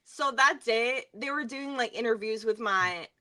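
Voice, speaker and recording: Bright-voiced chatty young woman. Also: a little high, unhurried. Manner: chatty, filler-heavy, laughs often while telling stories. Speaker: guest singer. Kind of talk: casual interview storytelling.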